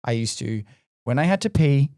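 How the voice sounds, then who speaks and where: A man with an average-pitched voice rambles through crude, joking banter as a podcast co-host. His voice sits dry and close to the mic, without any room sound. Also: lively intonation, brisk, a little mellow, no echo. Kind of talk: casual banter.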